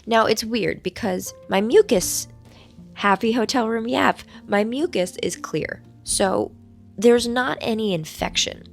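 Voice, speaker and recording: A woman hosting a casual vlog from a hotel room, her voice hoarse while it recovers, chatting in a playful, rambling, self-mocking way. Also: fairly high pitch, a little slow, soft background music. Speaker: vlog host. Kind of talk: casual chat to camera.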